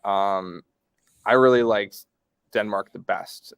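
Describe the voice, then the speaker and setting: Low-voiced man recounting unhurriedly. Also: gravelly, fairly bright tone, smooth. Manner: unhurried, thoughtful recounting with pauses. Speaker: camera operator guest. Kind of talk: casual chat.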